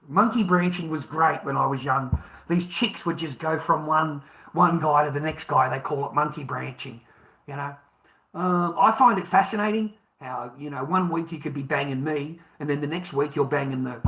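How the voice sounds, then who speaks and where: Casual Australian bloke with a slightly high voice, telling a story in a crude, emphatic rant. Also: male voice, fairly bright tone. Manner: profane, emphatic, repeats for emphasis.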